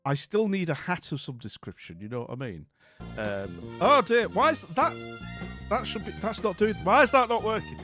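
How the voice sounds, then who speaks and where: The pitch is high with big swings, the pace moderate and the tone sharp, while faint music plays in the background. This male livestream host, tired and dopey, rambles and jokes with his viewers as he greets them, using plenty of fillers.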